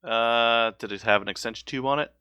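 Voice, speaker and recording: A man co-hosting a podcast in casual chat, animated and prone to trailing off mid-thought. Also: medium pitch, fairly quick, smooth, no room sound, studio quality. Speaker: podcast co-host.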